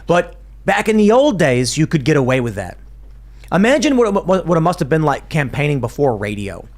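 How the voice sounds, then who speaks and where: A man's voice: fairly high pitch, sing-song. Argumentative man hosting a political talk show. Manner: argumentative, thinks aloud with quick restarts. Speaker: podcast host. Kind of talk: political panel discussion.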